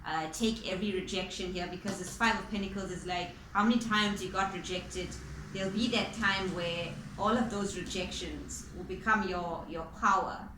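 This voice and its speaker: A woman's voice: medium pitch, background noise. Chatty woman giving a casual tarot reading. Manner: chatty and informal, with casual swearing. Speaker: tarot reader. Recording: echoey room with faint ambience.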